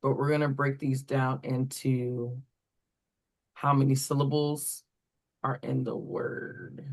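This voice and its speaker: A reading program instructor giving a walkthrough to tutors, deliberately sounding words out syllable by syllable. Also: medium pitch, level tone.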